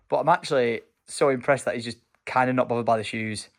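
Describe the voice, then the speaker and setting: Chatty man, lively pitch. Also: quick pace, poor audio. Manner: chatty, excitable, cheers loudly at his toddler. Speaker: vlogger. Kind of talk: casual vlog narration.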